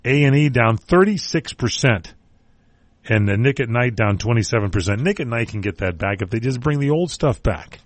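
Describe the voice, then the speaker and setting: A man's voice: mid-range voice, expressive, moderate pace, no room sound. A man hosting a talk radio show, chatting casually and joking about entertainment news. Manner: wisecracking, rambling.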